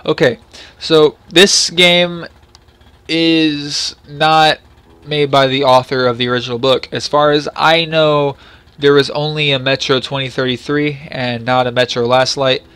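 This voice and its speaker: A man's voice: fairly high pitch, steady tone, unhurried, a bit bright, clear, resonant tone. A man hosting a casual, unscripted game review, rambling and apologetic, with lots of fillers and restarts. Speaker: game reviewer, channel host.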